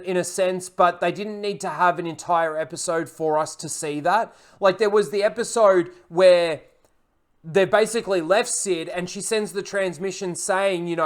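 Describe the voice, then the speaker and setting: A man with a high, smooth voice talks through an episode review in a loose, rambling way. He leans on fillers as he recaps, then turns bluntly critical and swears without holding back. It sounds like an off-the-cuff recap and review.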